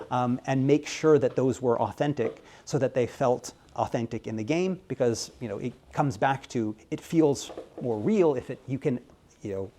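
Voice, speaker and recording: A man with an American accent, a game localization director answering interview questions in a rambling, filler-heavy, animated way. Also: mid-range voice. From United States.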